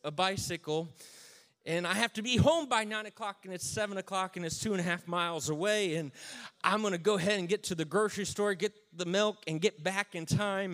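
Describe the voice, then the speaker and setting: Man with a higher voice telling a funny story. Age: 30s. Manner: self-mocking, dry jokes, lively retelling. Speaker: speaker telling a personal story. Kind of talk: humorous personal storytelling.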